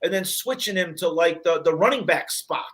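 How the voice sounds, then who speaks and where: High-voiced older man rambling about football. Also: expressive, normal speed, a bit bright. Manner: rambling, restarts, retells movie scenes. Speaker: sports betting show co-host. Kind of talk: casual sports betting banter.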